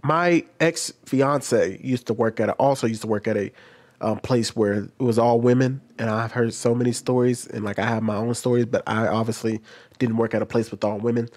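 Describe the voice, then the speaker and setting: A man's voice: mid-range voice, steady tone, moderate pace, darkish tone. A man hosting a casual reaction video, talking loosely and rambling with restarts, close to his microphone. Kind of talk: casual commentary. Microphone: desk microphone close up.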